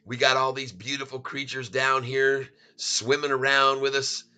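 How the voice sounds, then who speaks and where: A man's voice: medium pitch, flat delivery, normal speed, sharp tone, clean tone. A man giving playful live commentary on his stock trades, laughing often and chanting goofy little rhymes. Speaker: stock trading streamer. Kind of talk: casual live trading commentary.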